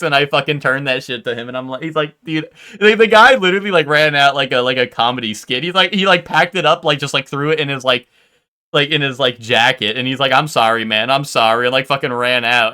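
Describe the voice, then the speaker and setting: Bright-voiced young man chatting on stream. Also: medium pitch, fairly quick, clear, resonant tone. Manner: rambling storytelling full of fillers and swearing; talks straight to his chat viewers. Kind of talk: casual live-stream chat.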